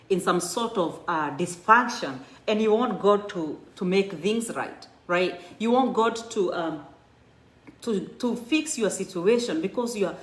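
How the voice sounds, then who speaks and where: A woman in her thirties giving an earnest, encouraging personal testimony to a church, often restarting her sentences. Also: mid-range voice. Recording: echoey room.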